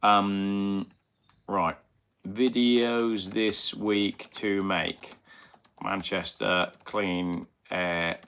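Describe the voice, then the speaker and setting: A middle-aged channel host with a subtle Birmingham accent talks casually on a live stream from a cramped home alcove, using a headphone mic with slight background noise. His voice sits low, steady and fairly bright, and he speaks extremely slowly. He drifts through viewer comments, reading them out with frequent ums and fillers.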